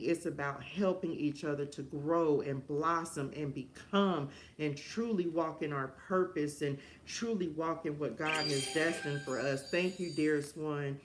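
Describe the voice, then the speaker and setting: A woman hosting a live stream, giving a fervent, emotional motivational message with preacher-like repetition. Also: low voice. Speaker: live-stream host and life coach.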